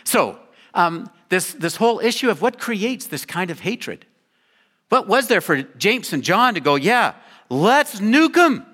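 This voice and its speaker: An older man preaches to his congregation in a loose, conversational way, tossing in joking asides. His voice is bright, and his pitch swings widely as he talks. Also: animated, a little slow, breathy edge. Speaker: pastor. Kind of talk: sermon.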